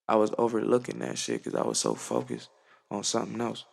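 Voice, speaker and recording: Here a young musician who vlogs talks to camera in a reflective, casual way, earnest but full of slang and swearing. His fairly low, creaky voice swings widely in pitch and moves a little fast, trailed by long reverb.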